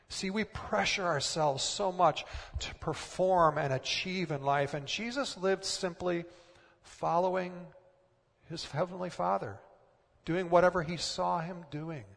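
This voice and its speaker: A man preaches with earnest, coaxing warmth, his voice rising into emphatic swells as he presses a point. His voice sits a little high for a man. A long hall reverb trails behind every phrase. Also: vocal fry. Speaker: pastor. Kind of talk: sermon.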